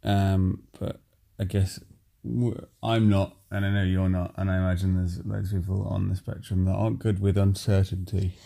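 A man's voice: low-pitched, flat delivery, moderate pace, vocal fry, warm tone. A man hosting a casual podcast chat, easygoing and thinking aloud as he talks. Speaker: podcast host.

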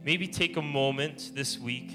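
Man, lay preacher, easygoing storyteller, mid pitch, gentle guitar underneath. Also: a little slow. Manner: chatty storytelling, laughs often. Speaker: church speaker. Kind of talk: informal testimony sermon. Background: soft guitar music.

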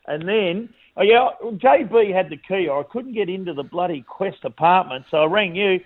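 A man's voice: high voice, lively intonation, normal speed, phone-quality sound. A middle-aged Australian man chatting as a radio guest, telling jokey stories with laughs. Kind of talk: casual chat.

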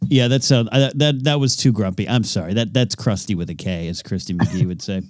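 Man, low voice, dry close sound, quick deadpan improv, podcast co-host. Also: no room sound. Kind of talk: casual comedic chat.

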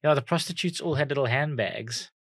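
A South African man co-hosting a comedy podcast. His voice sits at an ordinary middle pitch and sounds close and dry, with no room around it. He tells stories wryly and chuckles through his punchlines. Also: brisk, a bit bright, breathy edge, dry recording. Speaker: podcast co-host. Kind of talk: casual comedic chat.

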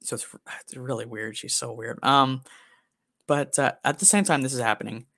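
A man's voice: mid-range voice, fairly even intonation, moderate pace, creaky, pushed and bright, no echo, clean studio sound. A young man co-hosting a podcast, telling a story in a blunt, profane, rambling way. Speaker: podcast co-host. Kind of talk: casual storytelling chat.

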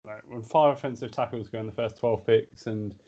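A tipsy man co-hosting a podcast, easygoing and quick to laugh. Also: mid-range voice, fairly even intonation, mellow, slightly rough, dull audio. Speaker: podcast co-host. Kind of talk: casual sports chat.

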